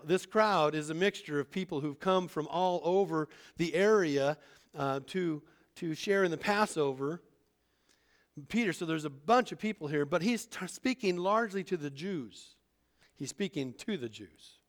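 A man teaching a Bible lesson in an informal sermon style, talking conversationally and acting out the people he quotes. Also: fairly high pitch. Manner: conversational, acts out quoted voices.

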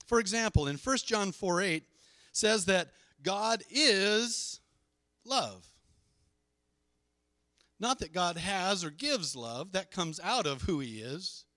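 A man's voice: sits high, sharp tone, no echo, studio quality. A middle-aged male pastor preaching a sermon, emphatic and leading the congregation in call-and-response.

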